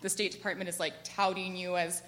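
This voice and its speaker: An American woman in her twenties telling a personal story to a live audience, chatty and animated, with lots of "like" fillers. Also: fairly low pitch, brisk. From United States. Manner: chatty and animated, frequent "like" fillers, laughs as she tells it. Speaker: storyteller at a work event.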